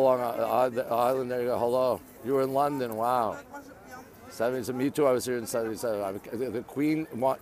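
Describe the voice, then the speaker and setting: A man's voice: mid-range voice, darkish tone. A man live-streaming from his phone outdoors, chattily greeting viewers and answering their comments as he walks. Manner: chatty, repeatedly greets viewers and says "there you go". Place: outdoors at a city landmark.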